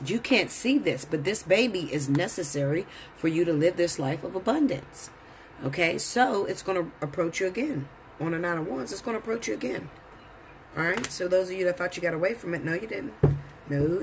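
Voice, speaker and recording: Tarot guy talking straight at the camera, swears a lot, kinda high voice, light background noise. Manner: blunt, profane, preachy. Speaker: tarot reader. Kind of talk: casual tarot reading to camera.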